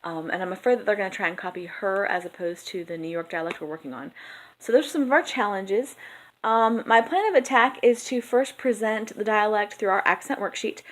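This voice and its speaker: A woman's voice: medium pitch, a little fast. A woman, a drama teacher explaining her coaching plan in a chatty, conversational way. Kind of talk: explanatory classroom presentation.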